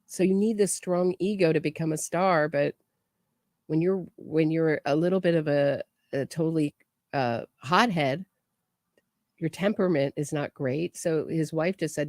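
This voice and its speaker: A woman's voice: low voice, a little slow, darkish tone, dry recording. A woman commentating on trial footage in a chatty way, often restarting and trailing off mid-thought. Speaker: true crime commentator.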